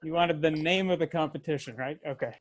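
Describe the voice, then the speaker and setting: Wisecracking man, slightly high voice. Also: brisk, a little hiss or hum. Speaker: co-host. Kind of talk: casual banter.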